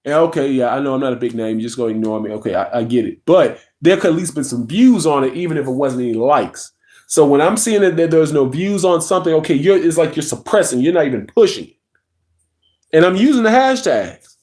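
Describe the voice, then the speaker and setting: Guy ranting on his live stream, voice a bit on the high side, keeps repeating words and restarting. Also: animated, a little fast, darkish tone. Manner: greets viewers by name mid-rant. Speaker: live streamer and content creator.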